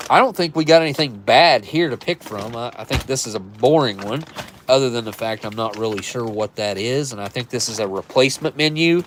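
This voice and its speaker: A man hosting a live stream, chatting casually and rambling as he thinks aloud and corrects himself. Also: mid-range voice. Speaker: live stream host reviewing military rations.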